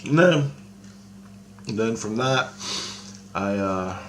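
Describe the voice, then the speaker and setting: Man with a low, gravelly voice telling a meandering story in a loose, conversational way over a faint hiss. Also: lively intonation, drawn-out words. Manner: rambling, with many restarts and quoted dialogue. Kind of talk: casual storytelling monologue.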